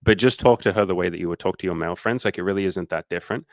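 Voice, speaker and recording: A man's voice: low voice, racing, gravelly, no room sound. A man working as a dating coach, answering questions on a casual livestream in a candid, loose way, swearing freely and using lots of fillers.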